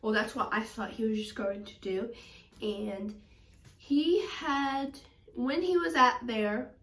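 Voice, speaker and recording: A young woman chats to camera, gushing and filling her story with "like" and "um". Her voice sits a little high, and she sounds a bit away from the mic in an echoey room. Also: slow, a bit bright, far from the mic. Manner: chatty and gushing, many "like" and "um" fillers. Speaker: reptile vlogger.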